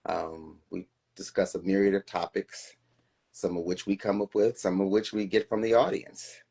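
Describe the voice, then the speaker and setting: A man's voice: low voice, flat delivery, normal speed, creaky, darkish tone, breathy edge. A middle-aged man co-hosting a casual live-stream chat, talking in a reflective, earnest way. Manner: reflective, earnest, self-questioning. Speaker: co-host.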